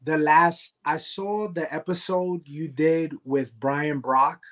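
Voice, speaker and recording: A man with a fairly high voice sits in as a guest on a wrestling podcast. He is a heavyweight champion and talks with swagger, brushing off his rivals and boasting freely. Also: fairly even intonation, takes it slowly, fairly bright tone. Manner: cocky trash talk. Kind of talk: podcast interview.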